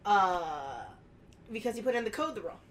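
A woman's voice: medium pitch, very animated, moderate pace, fairly bright tone. A woman co-hosting a podcast in casual chat, making teasing, wry asides while recapping a movie. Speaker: podcast co-host.

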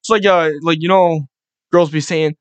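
A young man hosting a casual solo podcast, ranting in a profane, excitable, rambling way. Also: fairly high pitch, normal speed, clean tone, dry recording. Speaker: podcast host.

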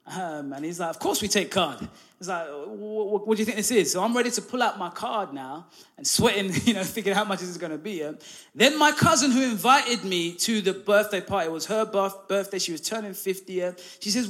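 A man's voice: high voice, animated, brisk, a bit bright. A man preaching a sermon, telling a personal story with humor and calling out "come on now" and "amen". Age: adult, married.

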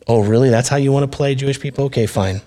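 A man's voice: medium pitch, quick pace, mellow, natural voice. A man voicing a proud, pressured Roman governor who talks in a blustering, raised voice. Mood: spiteful.

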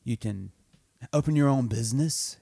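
A man's voice: mid-range voice, normal speed, gravelly, dark tone, husky, dry recording. Man hosting a comedy sketch; coaxing and repetitive; dry, close sound. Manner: persuasive, coaxing, repeats himself.

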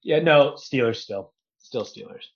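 A man who is a podcast guest, talking sports in a relaxed, joking way. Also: medium pitch, a little slow, vocal fry, dull audio. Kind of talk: casual sports chat.

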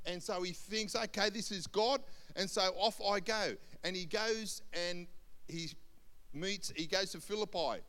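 A man's voice: high-pitched, a little slow, clear, resonant tone. A man, a senior pastor telling a Bible story in a sermon, acting out the voices of people in it. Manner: animated storyteller, acts out voices in quotes. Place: church hall. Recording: long hall reverb.

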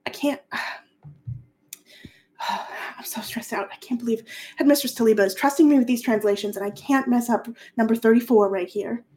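A man's voice: very high voice, fairly even intonation, a little mellow. A woman doing a fretful, fussy male scholar. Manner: fretful, rushed, sighing. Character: anxious bookish male translator, fussy and easily stressed. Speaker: school translator.

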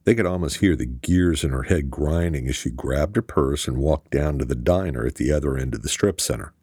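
A man narrating an audiobook in a steady storytelling manner. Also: extremely low pitch, fairly quick, slightly rough, no echo, studio quality. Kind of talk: scripted narration.

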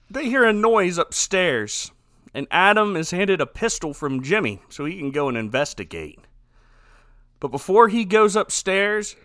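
A man's voice: on the high side, bright, forceful tone, no echo, studio quality. A man from Ohio recapping a movie in a comedic podcast chat, sarcastic and laughing often.

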